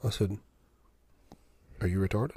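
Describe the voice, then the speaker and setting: A man, telling a long story in casual podcast chat and acting out both sides of the quarrel in a drawling, deadpan way. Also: on the low side, unhurried, slight background noise. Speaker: podcast co-host.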